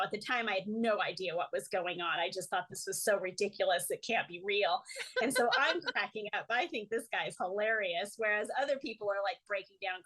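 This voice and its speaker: A woman guest in an interview, telling lively stories, often laughing and acting out the voices of the people she quotes. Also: mid-range voice, low-quality recording. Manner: animated storyteller, laughs often. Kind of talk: casual storytelling interview.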